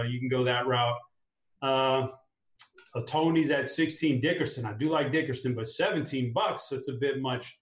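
Upbeat man hosting, roomy sound. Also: medium pitch. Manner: upbeat, talks through a lineup aloud. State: clearing a tickle in his throat. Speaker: fantasy sports show host. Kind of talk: casual podcast chat.

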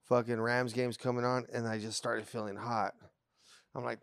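A man's voice: medium pitch, level tone, normal speed, fairly bright tone, clean tone, no room sound, clean studio sound. A man in a casual podcast chat, telling a story in a laid-back, profane way.

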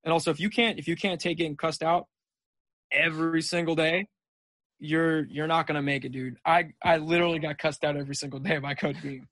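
A man's voice: a little high, fairly even intonation, brisk, fairly bright tone, dry recording. A young man, a junior college football player, chatting casually as a podcast guest and telling rambling stories full of "dude" and "like". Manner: laid-back, rambling storyteller saying "dude" and "like". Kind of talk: casual chat.

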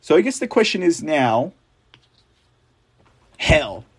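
A man's voice: a little high, very animated, slightly rough. A man hosting a political news show, reading stories aloud with sarcastic, rambling, mocking asides. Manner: slow, drawn-out delivery.

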